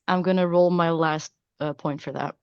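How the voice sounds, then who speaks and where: A woman's voice: low voice, fairly even intonation, normal speed, clear, resonant tone, dull audio. A woman player chatting casually at a tabletop game, laughing and swearing freely.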